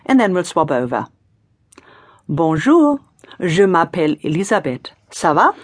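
Lively, playful woman teaching a language. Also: lowish voice, measured pace, no echo, studio quality. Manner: encouraging, playful teacher prompts. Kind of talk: scripted audiobook lesson.

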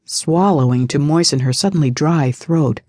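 Mellow woman narrating a novel. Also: low-pitched, moderate pace, no echo, studio quality. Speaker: audiobook narrator. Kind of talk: scripted narration.

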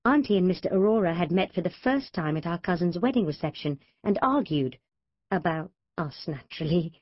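A woman narrating a children's audiobook with an expressive, animated reading on a close studio mic. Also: lowish voice, brisk, no echo, muffled recording. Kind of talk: storybook narration.

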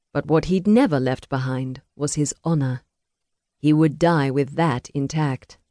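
A woman narrating a historical romance audiobook in a measured, even storytelling voice. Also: low voice, no echo, clean studio sound.

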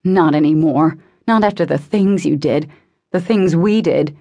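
Casting: hostile teen boy, cold and spiteful, low husky tone, played by a woman narrator. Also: measured pace, dark tone. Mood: bitter. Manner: cold, spitting contempt. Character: bitter hostile teenage boy, cold and contemptuous.

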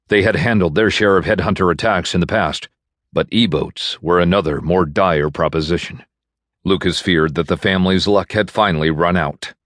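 A man narrating an audiobook in a measured, even storytelling manner, recorded in a studio. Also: sits low, no room sound. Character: bitter man navigator. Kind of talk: scripted narration. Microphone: studio microphone.

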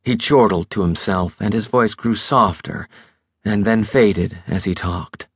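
A male audiobook narrator reading a thriller in a steady, measured way. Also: fairly low pitch, gravelly, breathy edge, dry recording, clean studio sound. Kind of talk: scripted narration.

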